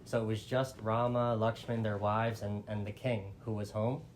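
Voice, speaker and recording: A man's voice: fairly low pitch, flat delivery, moderate pace, a little hiss or hum. A man telling an old epic in a casual, chatty way, full of fillers like "like" and small restarts. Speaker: storyteller. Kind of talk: casual oral storytelling.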